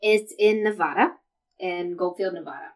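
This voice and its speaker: A woman's voice: lowish voice, normal speed. Rambling woman podcast co-host. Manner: rambling, lots of fillers like "like". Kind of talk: casual chat.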